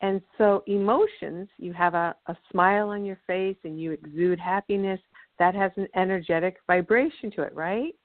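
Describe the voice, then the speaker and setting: A woman guest on a call-in radio show, explaining ideas about emotional energy in a measured storytelling way. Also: mid-range voice, no room sound. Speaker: guest, energy healer and author. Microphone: phone. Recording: dry, tinny phone line.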